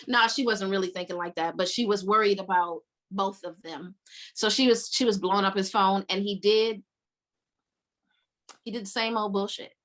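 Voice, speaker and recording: A woman hosting a casual book-club podcast, retelling scenes with lively acted-out quotes. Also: mid-range voice, normal speed. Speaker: podcast host.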